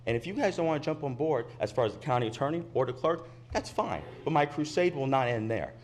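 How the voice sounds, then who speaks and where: Speaking fast with lively intonation in a mid-range voice, this man delivers heated public comment at a county commission podium. He's indignant and insistent, hammering the same points again and again.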